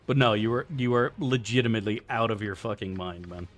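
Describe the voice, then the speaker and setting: A man's voice: on the low side, a little fast, faint music behind. A young man streaming a game live, casually and profanely bantering with his chat as he plays. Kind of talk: live gameplay commentary reading chat.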